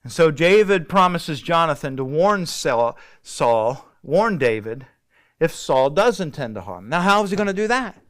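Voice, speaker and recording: A male pastor leading a Bible study, retelling the story in a relaxed, conversational way and acting out bits of dialogue. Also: a little high, a little slow.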